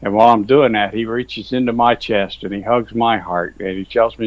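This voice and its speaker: A man's voice: on the low side, fairly even intonation, moderate pace, no room sound. A man speaks over a video call as a guest author, earnest and folksy. He rambles through his story, sprinkling in "you know" and "yes, sir". The audio is dry and a bit lo-fi, as over a weak internet link. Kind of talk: earnest testimony in casual chat.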